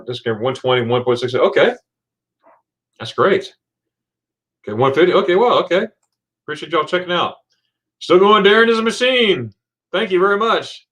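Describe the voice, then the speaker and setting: A man's voice: medium pitch, a bit bright. A man hosting a casual livestream, chatting loosely, laughing often and reading viewer comments aloud. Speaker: livestream host.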